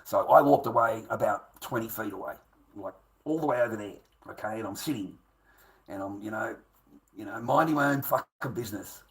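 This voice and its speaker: A man's voice: on the low side, a little fast, rough recording. A man telling a rambling personal story, swearing constantly and repeating himself. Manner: swears constantly, restless and repetitive.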